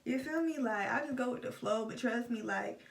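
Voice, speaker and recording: A woman's voice: a little high, normal speed. A young adult woman talking candidly to her phone camera in a storytime vlog, with lots of swearing and "like" fillers. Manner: raw, candid, profane, heavy filler "like". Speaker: vlogger. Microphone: old phone camera. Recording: roomy sound from a distant phone.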